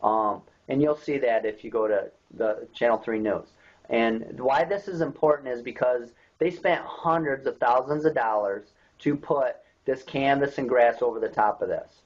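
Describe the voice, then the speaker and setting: A man's voice: mid-range voice, moderate pace. A man, angrily ranting into a webcam and firing off repeated rhetorical questions. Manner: indignant, repetitive, rhetorical questions. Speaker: local activist vlogger. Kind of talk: angry webcam rant. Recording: dull lo-fi webcam audio.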